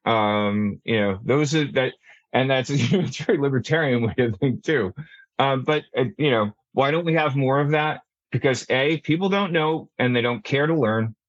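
A man's voice: medium pitch, normal speed, no room sound, muffled recording. A man talking through a policy discussion, rambling with many restarts and fillers. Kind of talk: casual panel discussion.

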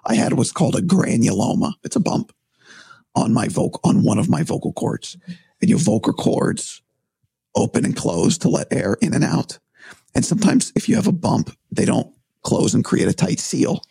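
Gravelly, husky man, animated. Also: mid-range voice, normal speed, no room sound. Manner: thoughtful, rambling, restarts often. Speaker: broadcaster, podcast guest. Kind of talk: casual conversation.

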